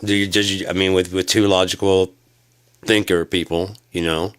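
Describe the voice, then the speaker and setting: Vlogger, male, low voice; rambling, halting, profane rant. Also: little pitch movement, clean tone. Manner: profane, loud bursts of high-pitched exclamation; halting, many restarts and fillers.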